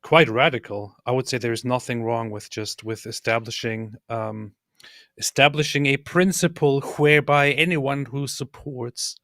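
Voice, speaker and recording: A man's voice: mid-range voice, a little slow, a bit bright, dry recording, studio quality. A man co-hosting a casual political chat, sardonic, often stammering and restarting as he talks. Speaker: co-host.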